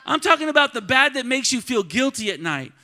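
A man preaching in a church with a high voice. He calls out to the congregation and swings from quiet, close talk to ringing shouts. His tone is bright and cutting. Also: sing-song, a little fast. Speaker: pastor. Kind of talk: sermon. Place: church sanctuary.

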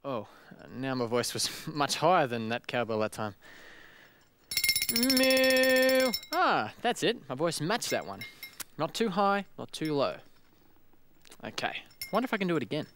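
A man's voice: mid-range voice, big pitch swings, normal speed, background noise. An Australian man presenting a children's show, playfully mooing and singing along with cowbells.

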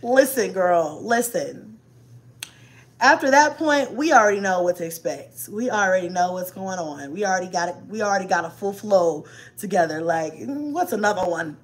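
A woman chatting casually with live viewers about raising kids, animated and slangy, cursing and laughing often. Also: medium pitch, measured pace.

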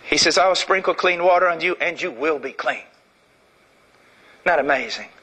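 A middle-aged man from Illinois preaching a sermon, swinging from fervent shouting to low, intense speech. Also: animated, moderate pace, breathy edge, low-quality recording. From Illinois, United States.

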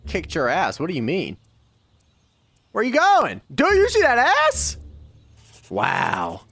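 A man's voice: on the high side, wildly swooping pitch, takes it slowly, creaky, fairly bright tone, slight background noise. A man giving loose let's-play commentary, trash-talking and cursing at the characters in a video game. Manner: brash profane trash talk at game characters. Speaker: gaming YouTuber.

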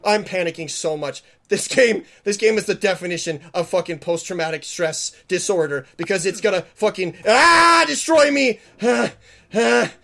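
Panicky gamer guy swearing and yelling at the game, voice jumps all over the place. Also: sits high, lively intonation, moderate pace, vocal fry. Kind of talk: let's play commentary.

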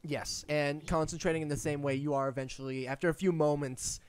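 Man, game master, high voice, casual narration, faint noise behind. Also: fairly even intonation, a little fast. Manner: casual, laughs easily.

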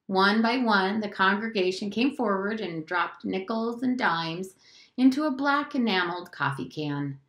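A woman teacher reading a novel aloud in a steady, clear storytelling voice. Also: mid-range voice, measured pace. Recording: roomy echo.

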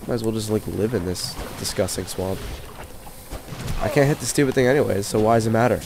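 A man's voice: fairly low pitch, a little fast, noisy background. A man commentating a video game while sick, keeping his voice down and trash-talking the enemies in exasperation. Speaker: let's play commentator. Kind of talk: gameplay commentary.

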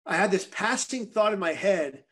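A man's voice: sits high, lively intonation, moderate pace, fairly bright tone, slightly rough. A man guest on a podcast, telling a personal story in an earnest, vivid way.

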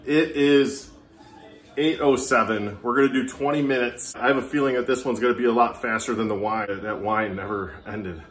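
A man's voice: mid-range voice, fairly even intonation, normal speed. A man vlogging casually to camera, chatty and self-mocking as he talks to himself. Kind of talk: casual drinking vlog. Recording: echoey room with music behind. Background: Irish music playing.

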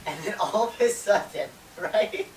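A young man commenting on a video game in a casual, joking way, laughing often. His pitch jumps around a lot as he talks. He sounds set back from the mic in an echoey room, with steady noise behind him. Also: a little slow, recorded from a distance. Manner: joking, laughs a lot, slips into silly voices. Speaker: gaming commentator. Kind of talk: casual gaming chat.

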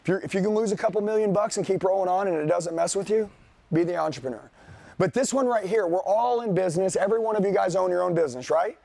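A man's voice: sits high, fast, gravelly, warm tone, dry recording. A man giving a motivational sales seminar to a live audience, talking bluntly and profanely. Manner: profane, blunt, fired-up, addresses the crowd directly. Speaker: sales trainer.

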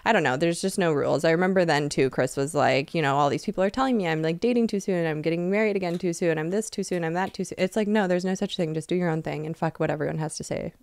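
A woman's voice: lowish voice, fast talker, hardly any pauses, darkish tone, no echo. A woman in her thirties co-hosting a casual podcast, talking candidly and acting out quoted dialogue. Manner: candid, laughing, quotes people in retold dialogue. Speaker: podcast co-host.

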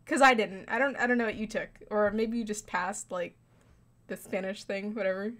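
A woman's voice: mid-range voice, moderate pace, a bit bright. A woman giving casual, joking commentary while playing a game, laughing often and muttering asides. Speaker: gaming streamer. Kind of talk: casual let's play commentary.

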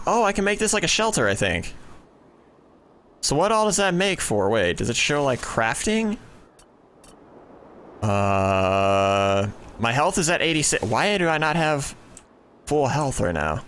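Young male gamer, animated pitch swings, thinks aloud, loud exclaims, desk mic. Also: slight background noise. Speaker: gaming YouTuber. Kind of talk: let's play commentary.

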